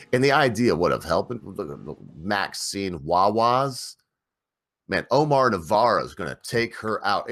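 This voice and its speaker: A man's voice: on the low side, fairly bright tone. A man hosting his own channel, giving a casual, rambling opinion rant with emphatic bursts and many fillers and restarts. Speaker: channel host.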